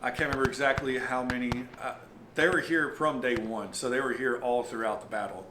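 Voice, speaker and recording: A man, recounting his experiences as owner of an old lodge in a halting, rambling way with lots of fillers. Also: medium pitch, fairly even intonation. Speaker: property owner and paranormal investigator. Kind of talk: casual storytelling interview. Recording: roomy with faint noise.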